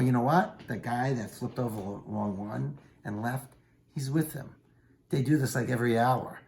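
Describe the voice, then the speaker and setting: A male teacher reading lines from a play aloud with slow, expressive delivery, then explaining them in casual modern slang. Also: mid-range voice. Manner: reads verse slowly and expressively, then paraphrases in casual slang.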